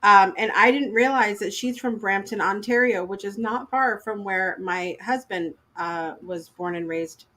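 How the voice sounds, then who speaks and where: A woman's voice: mid-range voice, measured pace, hardly any pauses, fairly bright tone. A woman hosting a casual live show, chatting and laughing through scattered asides. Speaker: host.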